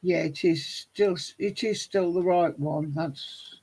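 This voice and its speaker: A woman's voice: on the low side, slow, mellow, slightly rough. A woman hosting a live online chat on a video call, chatty and self-mocking. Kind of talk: casual chat.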